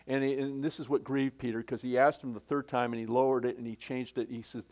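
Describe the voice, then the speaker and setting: A man's voice: mid-range voice, little pitch movement, fast talker, a little mellow. A male pastor preaching a sermon in a church. He often stops and restarts, repeating words, and makes casual asides to the congregation. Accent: Canadian English. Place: church sanctuary.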